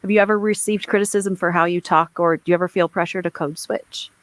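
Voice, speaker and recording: A woman's voice: fairly low pitch, steady tone, fast, no echo. A woman interviewer asking brief, encouraging questions in a casual conversation.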